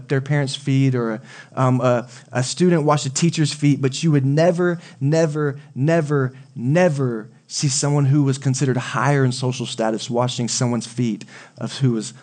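A male pastor preaching a sermon in a relaxed, conversational way, often asking the congregation questions. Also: a little high. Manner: conversational, asks the audience questions.

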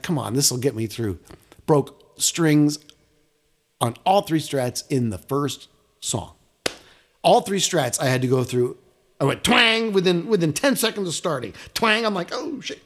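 Male podcast co-host, animated storyteller, higher voice that swings a lot. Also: a little slow. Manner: animated, rising to loud exclamations when retelling. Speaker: guitarist. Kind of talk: casual storytelling chat.

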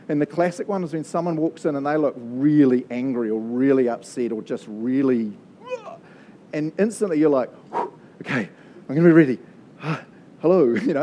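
A man's voice: on the high side, warm tone, slight background noise. A man with a New Zealand accent preaching a casual, conversational sermon, chatty and joking, often laughing at his own asides. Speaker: pastor.

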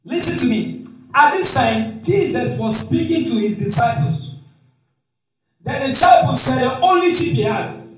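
A male preacher delivering a sermon in call-and-response style, with shouted exclamations and frequent hallelujahs. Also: extremely high pitch, animated, measured pace. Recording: echoey hall, distant mic, faint music.

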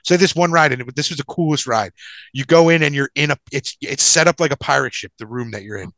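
A man spins a rambling story on a casual podcast, swearing freely and restarting sentences as he goes. His voice has a bright, forceful edge. It is recorded close and dry, with no room sound. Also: medium pitch, fast talker, no echo, low-quality recording. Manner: rambling, profane, animated anecdote-telling with frequent restarts. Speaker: podcast co-host.

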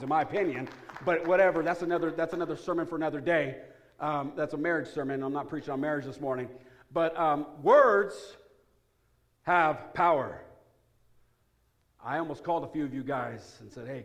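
Lively pastor preaching to his church. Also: on the high side, fast talker. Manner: energetic, humorous, swings from hushed prayer to loud excitement. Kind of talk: sermon. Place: church sanctuary.

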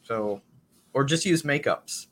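A man's voice: medium pitch, animated, takes it slowly. A man with a mid-range voice chats easily on a podcast. He asks his co-host laid-back questions. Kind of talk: casual chat.

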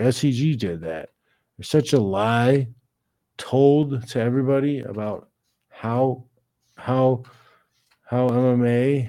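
Livestream host, male, slow-talking and blunt, mellow low-key tone, rants and swears casually. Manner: blunt, ranting, swears freely. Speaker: livestream host reading chat. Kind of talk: casual ranting livestream talk.

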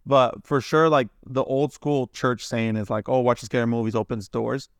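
A man in casual podcast chat who thinks out loud in an easygoing, reflective way. His voice is clear and smooth at a middle pitch. The close mic gives a dry sound. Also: steady tone, moderate pace, no room sound. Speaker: podcast co-host.

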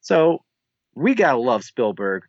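A man's voice: medium pitch, very animated, a little slow, no room sound, dull audio. A man co-hosting a film podcast, chatting casually and loosely with a lot of filler words. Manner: loose and conversational, frequent "like" fillers. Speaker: podcast co-host.

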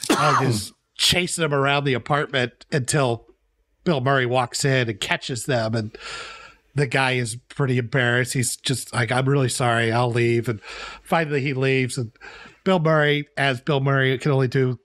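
A man's voice: medium pitch, normal speed, no room sound. Chatty man with a dry, close sound. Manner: animated storytelling with frequent laughs. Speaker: podcast co-host. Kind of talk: casual chat.

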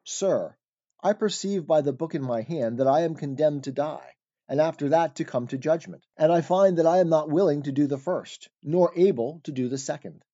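Brief: a troubled, earnest pilgrim pleading in archaic words, mellow and dull-sounding, voiced by a male narrator. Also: on the high side, moderate pace, close to an everyday voice. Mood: anguished. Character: troubled pilgrim man fleeing his city, earnest.

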